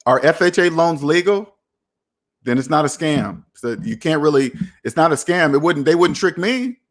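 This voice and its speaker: A man's voice: on the high side, moderate pace. Emphatic man ranting about debt. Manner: emphatic, preachy, with sudden excited whoops. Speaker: personal finance host. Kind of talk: casual commentary reading viewer comments.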